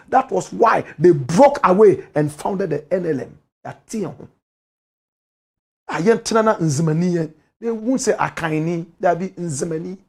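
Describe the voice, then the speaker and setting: Husky, impassioned Ghanaian man ranting. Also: high-pitched. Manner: heated, ranting, fires rhetorical questions. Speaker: host of a commentary show. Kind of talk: impassioned political commentary.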